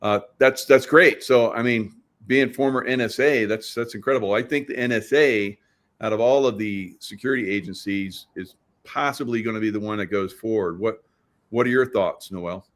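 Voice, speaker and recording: A man's voice: fairly low pitch, moderate pace, a bit bright. A man hosting an interview, giving short reactions and asking questions. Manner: brief reactions, asks questions. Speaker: host.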